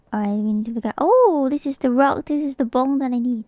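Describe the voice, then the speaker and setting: A woman's voice: high voice, fast talker, warm tone, dry recording. A woman streamer, not a native English speaker, chatting playfully and laughing often while she comments on a game. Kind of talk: casual gaming commentary.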